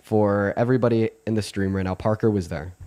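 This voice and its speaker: A man's voice: on the low side, fairly even intonation, brisk, mellow. A man hosting a livestream, earnest and repetitive, often restarting his words. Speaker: livestream host. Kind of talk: livestream commentary.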